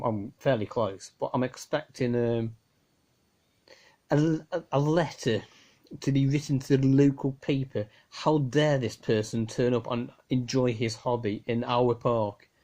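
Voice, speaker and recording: A man with a medium-pitched, slightly mellow voice talks at a measured pace to a phone camera as an amateur radio vlogger. He's casual, rambling, exasperated and chatty, often dropping in "you know."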